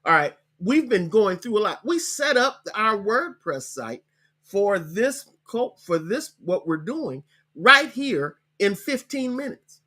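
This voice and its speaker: A man with a slightly raised voice hosts a live online coaching session. He talks in a loose, conversational way, slowing right down whenever he spells out a web address. He ends many of his points with "okay?". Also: high-pitched, sing-song, bright, forceful tone. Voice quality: hiccups. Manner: chatty, repeats web links slowly, tags lines with okay. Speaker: podcast host.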